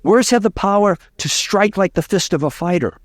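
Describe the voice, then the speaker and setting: A man's voice: sits high, expressive, normal speed, no echo, clean studio sound. A man from Louisiana, a speaking coach telling stories in an interview, emphatic and repeating key lines. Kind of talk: interview storytelling.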